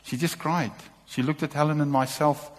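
A man preaching with passion, hammering home short exhortations between stories. His voice sits a little high for a man. It rings with a long reverb, as in a large hall or church. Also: steady tone, normal speed. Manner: impassioned, repeating short exhortations. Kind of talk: sermon.

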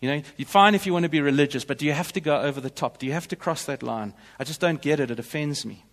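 A preacher acting out a disgusted queen who scolds her husband, in an indignant, rapid-fire way, with a long church-hall reverb. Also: fairly high pitch, natural voice. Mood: indignant scolding. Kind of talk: preacher acting out a scripture character.

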